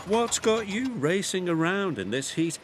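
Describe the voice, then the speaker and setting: Man voicing a calm polite digger, purring, unhurried, storybook. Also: sits high, a little hiss or hum, pitched above the performer's own voice.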